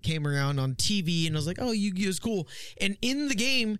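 A man's voice: high voice, big pitch swings, fairly quick, a bit bright, clear, resonant tone, dry recording. A man co-hosting a podcast, chatting in a laid-back, profane way about his childhood hobbies. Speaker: podcast co-host. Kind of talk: casual chat.

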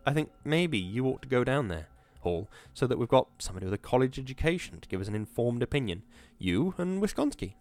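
A man's voice: mid-range voice, very animated, quick pace, hardly any pauses, a little mellow, close to an everyday voice. A man reading the lines of a cold, bullying middle-aged mill foreman, with a sneering, menacing delivery. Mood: mocking.

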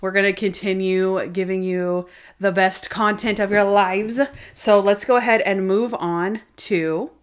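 A woman hosts a casual podcast in a middle-pitched voice. She teases her co-host and keeps the show moving from one segment to the next with an upbeat lilt. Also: fairly even intonation, unhurried, noisy background. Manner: teasing, upbeat, leading the segments. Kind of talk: casual chat.

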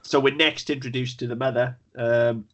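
A man co-hosting a casual podcast, bluntly tearing into a low-budget horror film with plenty of swearing. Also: fairly even intonation, moderate pace, a bit bright, dull audio. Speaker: podcast co-host. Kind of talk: casual film review chat.

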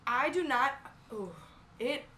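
Woman bartender co-host, profane storyteller; high voice, roomy echo, light hiss. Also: animated, slow pace. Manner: loud, profane, acts out customers. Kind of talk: casual chat.

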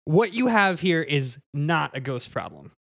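A man's voice: on the high side, sing-song, measured pace, vocal fry, a bit bright, dry recording, clean studio sound, exaggerated voice. A man doing a pompous know-it-all demonologist. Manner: mock-authoritative, lecturing, self-corrects. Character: pompous male podcast-owner demonologist, pedantic. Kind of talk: improvised comedy role-play.

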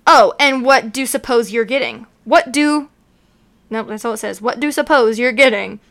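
A woman's voice: a little high, normal speed, fairly bright tone. A young woman co-hosting a casual podcast, reading fanfiction aloud and breaking off with mocking, laughing asides. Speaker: podcast co-host.

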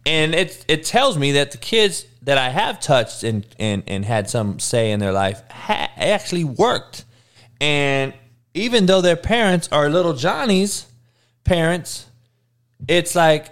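A man's voice: a little high, very animated, unhurried, a bit bright. A man who coaches youth, ranting comically in a profane, emphatic way. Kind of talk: comedic rant.

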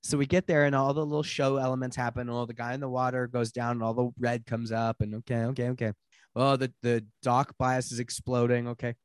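A man's voice: mid-range voice, level tone, a little fast, clean tone, dry recording, studio quality. A man in his thirties, co-hosting a podcast in casual chat, telling a story animatedly, acting out voices and laughing often. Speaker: podcast co-host.

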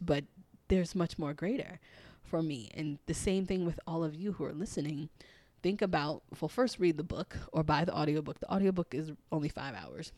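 A young woman with a raspy, hoarse voice talks through her thoughts on a solo podcast. She is earnest and encouraging, often pausing with "um" and restarting sentences. The sound is dry and close, with no room around it. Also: deep voice, a little mellow, dry recording. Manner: earnest, encouraging, thinking aloud with many "um"s and restarts. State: hoarse, partly lost voice. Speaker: podcast host and spiritual coach. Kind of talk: reflective solo podcast monologue.

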